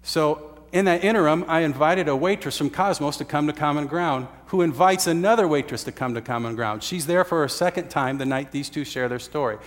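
A man's voice: fairly high pitch, fairly quick, hardly any pauses, big-room sound. A man preaching a sermon, telling a story earnestly with uhs and restarts. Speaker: pastor.

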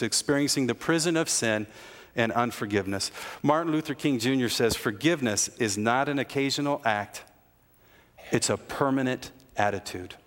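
A man preaching an earnest sermon as pastor, rising at times to excited emphasis. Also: mid-range voice. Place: church sanctuary. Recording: long reverb of a large hall.

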